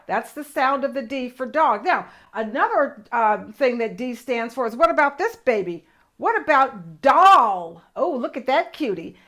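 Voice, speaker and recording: An older woman hosting a children's lesson, speaking enthusiastically and slowly sounding out letters. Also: high voice, expressive, fairly bright tone. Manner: enthusiastic, exaggerated, slow demonstrative. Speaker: children's show host and teacher.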